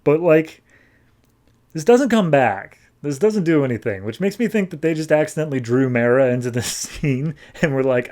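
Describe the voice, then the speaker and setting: A man's voice: fairly high pitch, expressive, normal speed, darkish tone. A man hosting a podcast, casually recapping a comic book and paraphrasing the characters in slangy, offhand dialogue. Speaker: podcast host.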